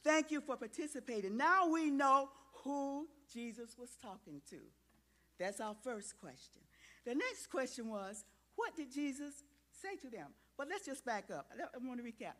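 A woman with a fairly high voice leads a children's sermon in a church. She talks in an animated, coaxing way, drawing the children and grown-ups into the lesson. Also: normal speed. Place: church sanctuary.

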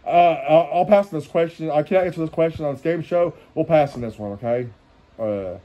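A man's voice: on the high side, fairly quick, mellow. A man joking his way through kids' cartoons, switching channels, humming theme tunes and breaking into bits of song. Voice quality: playful, jokey, breaks into sung bits and theme hums. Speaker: cartoon commentator. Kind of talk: joking channel-surfing commentary with snatches of song.

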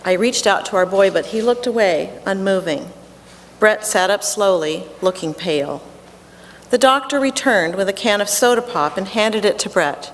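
A middle-aged woman reading her own personal story aloud on a theatre stage in a measured, earnest way. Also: mid-range voice, animated. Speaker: reader of a personal essay. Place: theatre stage before an audience. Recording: theatre hall reverb with faint noise.

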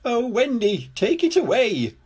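A timid storybook crane truck, jumpy and wailing in a high, thin voice. An older man with a husky tone pitches him far above his own and a little louder. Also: huge pitch swings, a little slow, heavily acted. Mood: frightened. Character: timid male crane truck, easily frightened.

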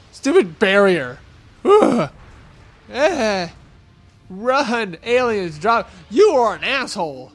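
A man's voice: high voice, a bit bright. A young man giving casual, jokey commentary while playing a video game, grunting and yelping when hit and talking back at the enemies. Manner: goofy, grunting and yelping at hits; jokey self-talk to the enemies. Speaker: let's play gamer.

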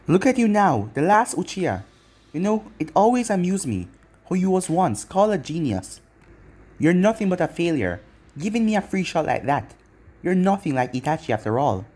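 A reader voicing a cruel young male ninja villain in a fan fiction story, with a taunting, mocking husky delivery. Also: mid-range voice, very animated, normal speed, darkish tone.

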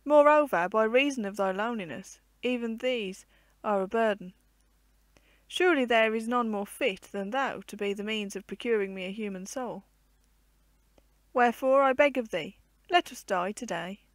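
A woman's voice: a little high, normal speed, no echo, lightly acted. A woman voicing a pleading male water spirit who plays the harp and longs for a human soul, in earnest old-fashioned storybook speech.

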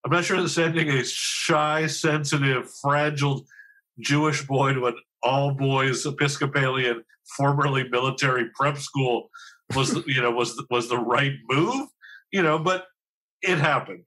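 Bright-voiced, wry male podcast guest. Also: medium pitch, steady tone, measured pace. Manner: wry, self-deprecating joker. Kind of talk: casual chat.

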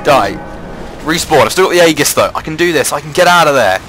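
A man giving casual, excitable commentary over a replay of his own online match, swearing freely and jumping up in pitch at the big plays. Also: fairly quick, soft background music, poor audio.

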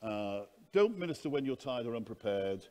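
A man's voice: medium pitch, sing-song, moderate pace, a little mellow. A man preaching at a conference, telling stories in an earnest, anecdotal teaching manner. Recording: long hall reverb.

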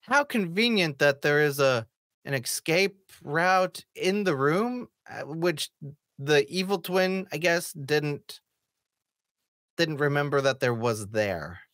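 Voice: mid-range voice, expressive, takes it slowly, a bit bright, no echo, studio quality. Sarcastic reviewer mocking a TV episode. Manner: swears casually. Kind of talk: casual review commentary.

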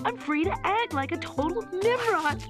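Pepper Ann, a high, lively cartoon girl. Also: normal speed. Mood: dramatic. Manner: exclaiming, self-dramatizing, wisecracking. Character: spunky, dramatic middle-school girl. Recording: cartoon soundtrack with music behind.

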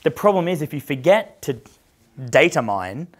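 A man's voice: fairly high pitch, big pitch swings, moderate pace. A man coaching a live group on dating, talking casually, swearing freely and laughing at his own stories.

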